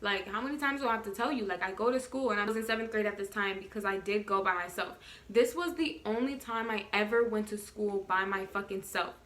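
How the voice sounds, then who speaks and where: Bright-voiced young woman telling a storytime. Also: mid-range voice. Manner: rapid, profane, animated storytelling. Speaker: vlogger. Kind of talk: casual storytime.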